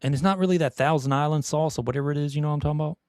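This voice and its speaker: A man's voice: on the high side, rapid-fire, darkish tone, dry recording, studio quality. A man co-hosting a podcast, ranting in casual chat with swearing and restarts. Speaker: podcast co-host.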